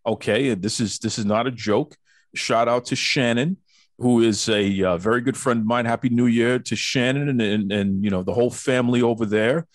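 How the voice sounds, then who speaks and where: A man's voice: medium pitch, moderate pace, dry recording, studio quality. A man hosting a podcast in casual interview chat, jokey and teasing in playful banter. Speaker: podcast host. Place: home studio in Boston.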